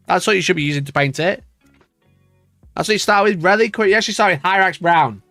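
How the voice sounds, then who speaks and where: Over soft background music, a man with a high, bright, forceful voice talks fast with no echo. He hosts a wargaming live stream, reading and reacting in a mock-outraged, swearing rant as casual stream chat.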